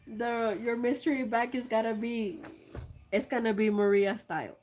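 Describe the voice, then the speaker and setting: Gushing excitable woman unboxing gifts. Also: on the high side, normal speed, a little hiss or hum. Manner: gushing and excitable, many exclamations; swings between loud squeals and soft, near-whispered gratitude. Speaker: art vlogger. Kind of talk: casual unboxing chat.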